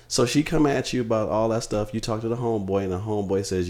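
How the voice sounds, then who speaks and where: A man in casual chat, teasing and swearing freely. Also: fast. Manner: loud teasing, swearing freely, jumps to high exclaims.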